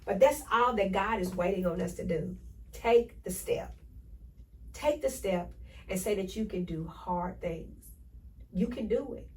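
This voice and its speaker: A woman hosting a motivational podcast, talking in an energetic, preachy way and repeating affirmations to her listeners. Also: medium pitch, unhurried, distant mic, rough recording. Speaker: podcast host.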